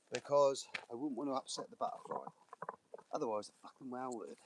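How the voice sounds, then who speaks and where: A man's voice: fairly high pitch, expressive, a little fast, background noise. A man live streaming on his phone while walking outdoors, chatting rambly to the camera. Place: outdoors on a walk. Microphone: handheld phone.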